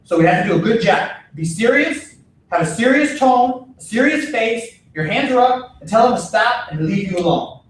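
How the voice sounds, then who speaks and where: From far off in an echoey gym, a man teaches kids a martial arts self-defense class, repeating firm instructions. His high-pitched voice is expressive and moderately paced, with slight background noise.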